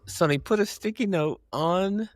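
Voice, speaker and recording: A man co-hosting a casual podcast, reacting with expressive disbelief. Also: sits high, unhurried, no echo, studio quality. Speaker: podcast co-host.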